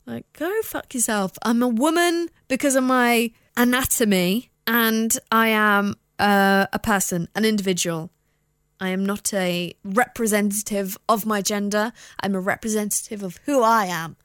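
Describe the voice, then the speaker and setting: A woman's voice: mid-range voice, normal speed, fairly bright tone, dry recording, studio quality. Blunt, sweary woman host. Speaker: podcast and radio host. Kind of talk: casual chat. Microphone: studio microphone.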